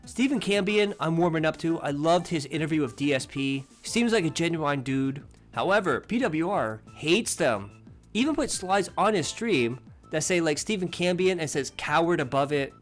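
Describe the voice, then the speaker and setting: Scornful male commentary host, high, lively voice with wide pitch swings. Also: moderate pace, soft background music. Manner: scornful, mocking. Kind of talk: narrated commentary.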